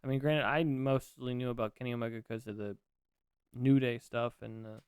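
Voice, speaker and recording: A man co-hosting a podcast, chatting about wrestling in an excitable, jokey, rambling way. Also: medium pitch, moderate pace, clean tone, dry recording, studio quality. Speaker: podcast co-host. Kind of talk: casual wrestling chat.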